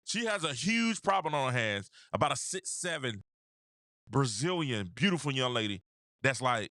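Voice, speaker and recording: A man's voice: mid-range voice, very animated, normal speed, pushed and bright, no room sound, studio quality. A man hosting a live stream, talking basketball in a loose, slangy way, greeting viewers by name and repeating phrases for emphasis. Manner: casual slangy delivery. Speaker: host. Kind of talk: live stream basketball talk with chat shout-outs.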